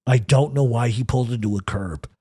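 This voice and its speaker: A man's voice: medium pitch, mellow, slightly rough, no room sound, clean studio sound. A man telling a true crime story from his own life in casual first person, swearing heavily and talking with intensity. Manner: profane, intense, rapid retelling.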